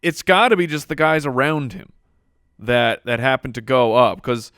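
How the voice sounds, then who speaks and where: A man co-hosting a fantasy football podcast, with quick teasing banter. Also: mid-range voice, lively intonation, a bit bright, smooth, dry recording, studio quality. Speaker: podcast co-host.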